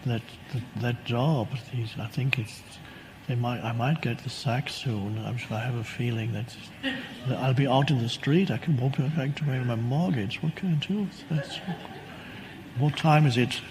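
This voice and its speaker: A man voicing an anxious, sleepless man fretting over losing his job, in a halting inner monologue. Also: medium pitch, a little mellow, a little hiss or hum, lightly acted, rough recording. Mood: worried.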